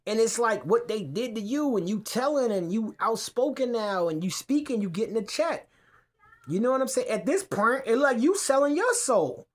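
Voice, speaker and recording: A man's voice: high-pitched, lively intonation, moderate pace. A podcast host ranting casually from the couch in his man cave. He curses freely and stumbles over repeated words as his thoughts run on. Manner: profane, rambling, repeats himself. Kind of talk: casual rant to camera.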